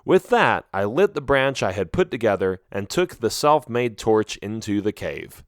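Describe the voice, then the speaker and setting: A man reading a first-person children's animal story aloud with an expressive, animated delivery. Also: lowish voice, moderate pace, dry recording, studio quality. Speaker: audiobook narrator.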